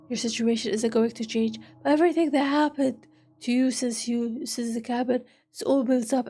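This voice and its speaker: A woman's voice: fairly high pitch, mellow. A woman streamer reading an interactive story aloud, stumbling over words and breaking off with joking asides.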